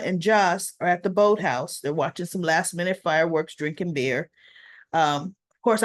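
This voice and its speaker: A woman reviewing a soap opera episode in a casual recap, telling it in a chatty, rambling way with asides. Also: on the low side.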